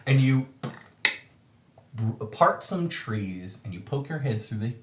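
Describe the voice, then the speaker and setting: A man in an echoey room narrates a tabletop game as its game master. He talks slowly and keeps stopping on ums and uhs, but his low voice swings widely as he describes the scene. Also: sing-song, a little hiss or hum. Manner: halting, many ums and uhs.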